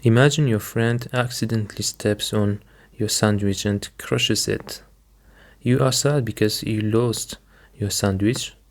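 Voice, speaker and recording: A man's voice: lowish voice, darkish tone. A man teaching English vocabulary, patiently repeating each word and explaining it with simple examples. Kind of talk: slow, careful teaching.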